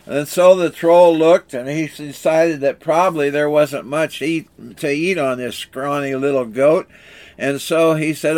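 Earnest male preacher, plain-spoken, halting restarts, voice on the higher side. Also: fairly even intonation, a little mellow. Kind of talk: sermon with storytelling and prayer.

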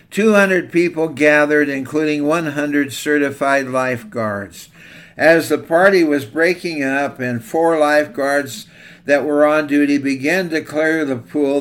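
A pastor preaching a sermon, telling illustrative stories in an earnest way and slowing down to stress key lines. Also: male voice, medium pitch, fairly bright tone, clean tone.

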